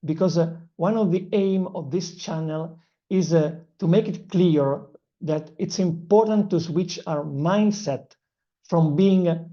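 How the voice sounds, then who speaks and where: A speaker with an Italian accent teaches in an earnest, reflective way, in short phrases broken by small fillers. The tone is mellow and warm. The recording sounds a little dull and lo-fi. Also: medium pitch, measured pace. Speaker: English-learning channel host. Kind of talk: motivational language lesson.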